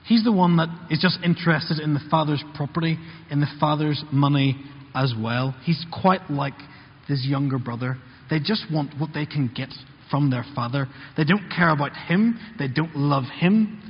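In a muffled recording with long hall reverb, a man preaches earnestly and voices the quoted lines of characters in his story. He speaks at a moderate pace with a fairly high, husky voice.

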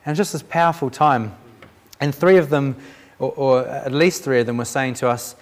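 A man's voice: mid-range voice, normal speed. A man sharing a Christian testimony as a preacher, telling the story with animation, acting out the voices in it and often restarting his sentences.

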